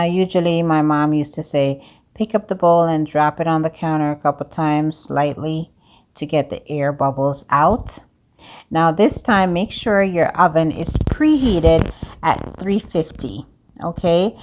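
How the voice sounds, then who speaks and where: Low-voiced lady with an accent walking viewers thru a cake recipe, chatty and upbeat. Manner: upbeat, talks straight to viewers as "guys"; speaks with a non-native accent of English. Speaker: home cooking vlogger. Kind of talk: chatty cooking demonstration.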